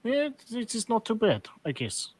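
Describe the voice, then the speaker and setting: A man's voice: high-pitched, huge pitch swings, normal speed, a little mellow, slightly rough. A man playing in a tabletop game, chatting casually and thinking aloud. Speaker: player. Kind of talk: casual chat.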